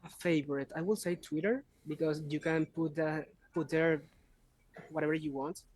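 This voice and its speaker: A man answering speaking test questions in halting English, searching for words over a video call. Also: fairly high pitch, steady tone, darkish tone, a little hiss or hum. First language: Spanish. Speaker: test candidate.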